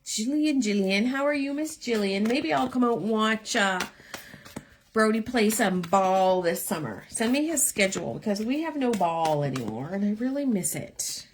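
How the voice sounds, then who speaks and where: A middle-aged woman reads tarot live for her viewers, with a lively, swinging voice and a chatty, reassuring way of talking. She speaks to each viewer by name. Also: medium pitch, normal speed, slight background noise. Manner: chatty, encouraging, talks straight to viewers. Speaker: tarot reader. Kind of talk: live one-card tarot readings.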